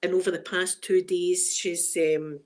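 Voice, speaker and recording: A middle-aged Scottish woman chatting casually on a live stream, emotional and quick to laugh, greeting viewers by name. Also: lowish voice, level tone, darkish tone, slight background noise. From Scotland.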